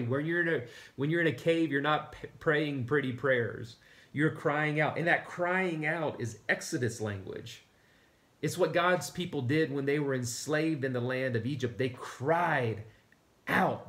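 A man preaches a sermon in a conversational way, earnest and direct. His voice sits at a middle pitch for a man, and he builds to emphatic exhortations between plain, chatty asides. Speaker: pastor. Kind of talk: livestreamed sermon.

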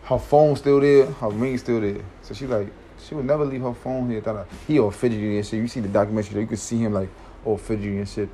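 A man's voice: on the low side, steady tone, fast talker, mellow, slight background noise. A man telling a story in a casual, slangy, rambling way, often checking in with his listeners.

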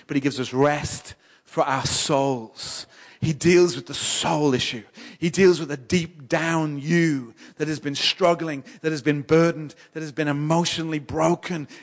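A man preaching a sermon in church, emphatic and repetitive, stammering on restarts and swinging between loud exhortation and soft, slow moments. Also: on the high side. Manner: emphatic, repeats and builds phrases, stammers on restarts.

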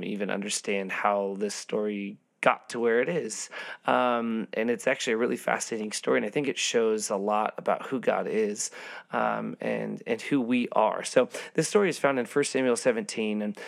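A man's voice: lowish voice, vocal fry. A man casually retelling a Bible story as a teacher, loose and full of ums and restarts. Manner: loose, filler-heavy storytelling with frequent ums.

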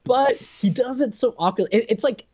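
A man's voice: very high-pitched, normal speed, mellow, slightly rough, muffled recording. A man co-hosting a podcast, chatting casually and recapping movie scenes with frequent laughter. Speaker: podcast co-host reviewing a movie. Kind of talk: casual chat.

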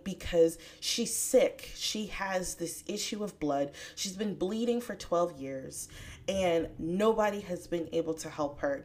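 A woman hosting a podcast, talking about scripture in a casual, chatty way with bursts of excitement. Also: lowish voice. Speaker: podcast host. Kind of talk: casual faith podcast talk.

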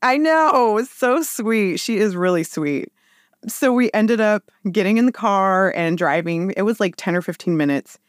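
A woman in her thirties tells a personal story as a podcast guest, in a relaxed, chatty way. She jumps into bright, lively voices for quoted lines. Her pitch sits in the middle of the range, and the recording is close and dry. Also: moderate pace, dry recording. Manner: warm, animated retelling with lively quoted voices. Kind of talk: casual storytelling.

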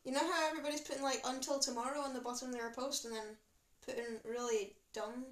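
A woman co-hosting a casual chat with quick, teasing remarks. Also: sits high, steady tone. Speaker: co-host. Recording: echoey room with noise.

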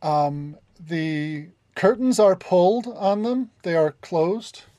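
A woman's voice: lowish voice, slow pace, warm tone, no room sound. A woman running a tabletop game as game master, narrating with many stops and restarts. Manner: hesitant, many restarts and fillers.

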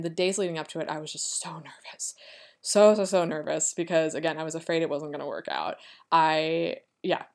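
Chatty young woman telling a personal story. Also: lowish voice. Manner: chatty, rambling, lots of "like" fillers. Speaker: podcast host. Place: home room with her cats.

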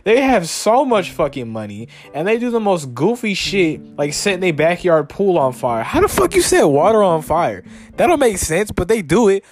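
Young man, podcast host, profane comedic rant, lively pitch, slightly high voice. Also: normal speed. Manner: animated, swearing, mock-quoting people in a raised voice.

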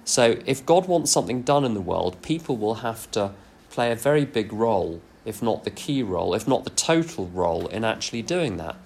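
A man's voice: lowish voice, big pitch swings, moderate pace, creaky, a little mellow, slight background noise. A man giving a recovery workshop talk, frank and self-deprecating, mixing personal anecdotes into his teaching. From England.

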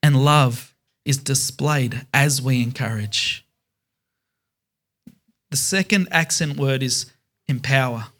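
A man's voice: medium pitch, takes it slowly, long pauses, a bit bright. A man preaching a sermon as pastor, emphatic, stressing words in repeated lists.

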